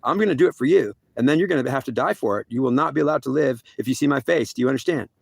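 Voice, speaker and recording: A man's voice: medium pitch, racing, gravelly, breathy edge, no echo. A man voicing a stern male God who scolds a soldier at length, repeating himself and stumbling over restarts. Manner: repetitive, lecturing, stumbling restarts.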